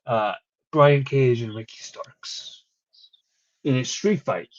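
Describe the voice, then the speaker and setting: A man's voice: mid-range voice, slow. A young man co-hosting a casual wrestling recap, rambling and swearing as he tells stories. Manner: profane, rambling storyteller. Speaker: podcast co-host. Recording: dull lo-fi recording.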